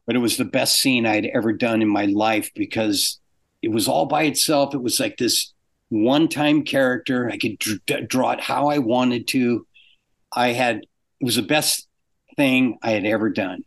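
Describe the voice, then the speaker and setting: An older man telling anecdotes in a casual interview, acting out quoted exchanges with animated shifts in pitch. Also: normal speed. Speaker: guest animator.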